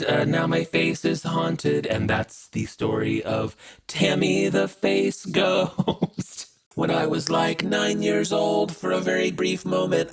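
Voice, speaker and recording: A man with a high, heavily gravelly voice tells funny stories in a wry, playful way and acts out each line of dialogue. Loud music plays under his voice the whole time. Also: poor audio. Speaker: comedic storyteller. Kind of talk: casual comedic storytelling.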